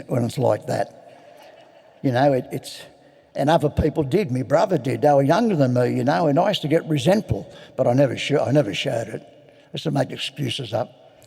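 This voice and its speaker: A man's voice: mid-range voice, creaky, mellow, breathy edge. An older Australian man telling his personal recovery story to a convention audience, plain-spoken and frank with self-mocking humour. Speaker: AA convention speaker. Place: large hall. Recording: long hall reverb.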